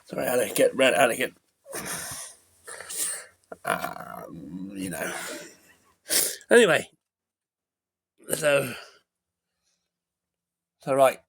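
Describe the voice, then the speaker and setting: A man's voice: mid-range voice, very animated, drawn-out words, vocal fry, pauses often, breathy edge. Rambling, enthusiastic man retelling a film. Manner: rambling, enthusiastic, repeats himself and breaks off mid-sentence. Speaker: film reviewer.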